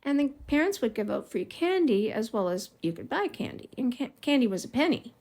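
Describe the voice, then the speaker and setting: A middle-aged woman vlogger telling a childhood story in a casual, rambling way, drifting into side remarks and laughing softly now and then. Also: on the high side, sing-song, brisk. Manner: rambling and digressive, with frequent small laughs.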